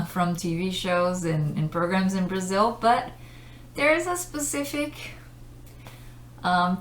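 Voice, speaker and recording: A woman teaching English vocabulary, explaining patiently with simple examples and checking in with "okay?". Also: mid-range voice. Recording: roomy echoey room.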